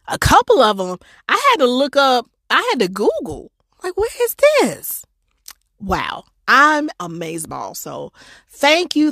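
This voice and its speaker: A woman hosts her podcast in a casual, effusive chat, calling her listeners her peeps. Her voice has a gravelly, fry-tinged edge. It sits close and dry on the mic, with no room around it. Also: medium pitch, dry recording. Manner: effusive, folksy, talks straight to listeners with endearments. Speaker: podcast host and life coach.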